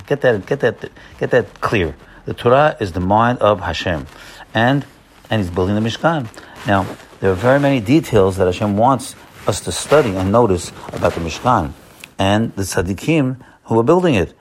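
A man's voice: on the low side, slight background noise. A man giving an earnest, repetitive Torah sermon as a rabbi, coaxing his listeners and sprinkling in Hebrew terms.

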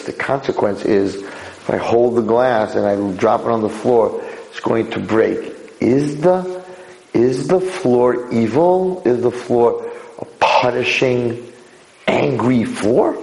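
A man giving a Torah lecture as a rabbi, animated, his voice leaping high for emphasis. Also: gravelly. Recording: echoey hall.

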